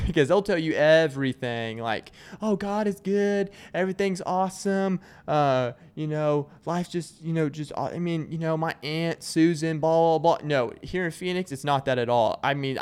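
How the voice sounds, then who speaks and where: A young man from Arkansas hosts his own podcast, chatting alone in a loose, joking way. He trips over fillers and restarts as he goes. His voice sits in the middle of a man's range and sounds smooth and full. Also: mid-range voice. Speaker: podcast host. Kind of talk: casual solo chat.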